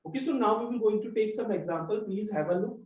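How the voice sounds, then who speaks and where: A language teacher, slowly repeating examples and word pairs in a lesson. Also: mid-range voice, a little mellow. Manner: slow, repetitive drilling of examples. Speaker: French teacher. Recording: roomy echo, mic far off.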